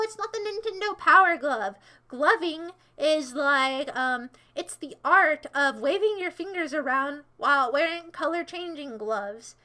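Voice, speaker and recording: A woman's voice: high-pitched, pushed and bright. A young American woman livestreaming, casually rambling and teasing her chat with sarcastic remarks.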